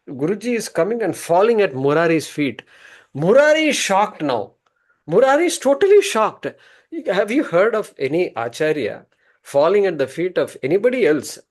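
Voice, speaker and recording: A man teaching a scripture class through an animated, repetitive story. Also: on the high side.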